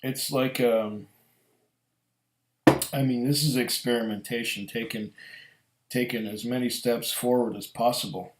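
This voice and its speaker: A middle-aged man reviewing whiskey in a slow, musing, storytelling way. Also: mid-range voice, fairly even intonation, slight background noise. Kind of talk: casual tasting review. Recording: echoey room.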